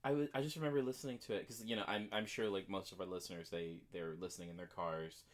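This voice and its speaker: A man hosting a podcast interview, asking questions in a relaxed, joking way. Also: deep voice, fast talker. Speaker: podcast host. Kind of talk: casual interview chat.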